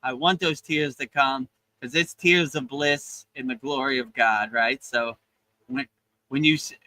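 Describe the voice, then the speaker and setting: A man's voice: mid-range voice, steady tone, a little slow, pushed and bright, poor audio. A man hosting a casual spiritual livestream chat, earnest and emotional, often repeating words as he starts a sentence. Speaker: yoga teacher and livestream host. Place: beach in Thailand.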